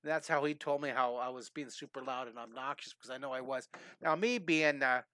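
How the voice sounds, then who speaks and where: A man in his fifties, an energetic and chatty drawing teacher who tells rambling stories during a live-streamed lesson. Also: medium pitch, brisk, no echo. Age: 50s.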